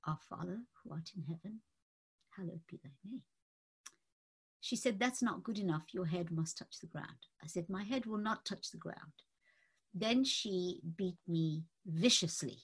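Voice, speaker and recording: A woman telling a personal story in a halting, unhurried way, pausing often. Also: lowish voice, a bit bright, breathy edge. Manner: halting, unhurried recounting with frequent pauses and fillers. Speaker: speaker giving a personal testimony.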